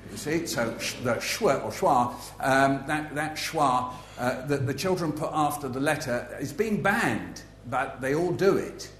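A man speaking as an author at a festival, telling anecdotes with a playful, facetious manner and frequent asides. His voice sits in a middle pitch range and carries through a roomy hall. A faint ambient hum hangs under the talk. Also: lively intonation, unhurried, few pauses, fairly bright tone. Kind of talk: humorous festival talk to a live audience. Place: festival venue with an audience.

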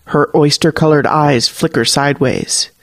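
A man narrating a fantasy story podcast in a measured, deliberate storytelling manner. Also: a little high, no echo, studio quality. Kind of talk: scripted narration.

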